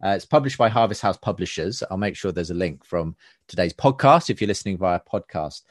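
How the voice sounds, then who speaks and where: Guy hosting a podcast chat, lowish voice, dry close sound. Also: lively intonation, a little fast, no room sound. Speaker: podcast host. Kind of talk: casual interview chat.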